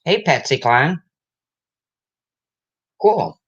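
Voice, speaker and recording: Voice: medium pitch, animated, drawn-out words, fairly bright tone, husky, muffled recording. A livestream host in casual chat, rambling and breaking off to greet viewers, emotional and close to tears.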